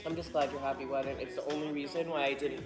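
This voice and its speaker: A woman's voice: a bass voice, fairly even intonation, quick pace, darkish tone, faint music behind. Chatty American woman reading chat. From United States. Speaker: co-host. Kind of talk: casual mealtime chat reading viewer comments. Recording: roomy echoey room.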